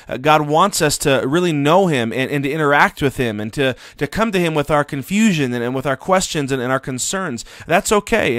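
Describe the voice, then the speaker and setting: A man's voice: fairly high pitch, a bit bright, no echo. Earnest male Bible teacher, dry sound. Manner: earnest, conversational, frequent "uh" fillers. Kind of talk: recorded Bible study lesson.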